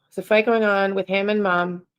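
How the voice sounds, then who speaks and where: A woman hosting a live tarot stream, talking in a casual, halting way and often breaking off mid-thought. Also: medium pitch, flat delivery, clean tone, poor audio. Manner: hesitant, halting, self-interrupting. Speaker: tarot reader and channel host.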